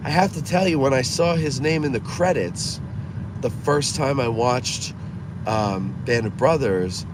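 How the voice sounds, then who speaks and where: A man hosting a casual live stream from his car, reading viewer comments aloud and chatting back. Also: medium pitch. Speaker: host reading live chat. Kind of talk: casual live-stream chat while driving. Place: inside a car in town. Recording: clear traffic noise from a moving car. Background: car and street noise.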